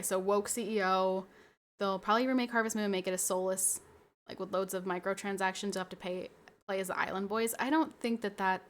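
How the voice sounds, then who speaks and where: Young woman streamer ranting away at chat, animated, swears a lot. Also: medium pitch. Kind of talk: casual livestream chat.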